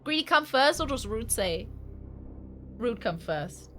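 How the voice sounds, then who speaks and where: A woman's voice: on the high side, big pitch swings, a little slow, a bit bright, faint music behind. A woman from Scotland with a Scottish accent, chatting, joking and swearing casually while streaming a game. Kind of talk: casual gameplay commentary.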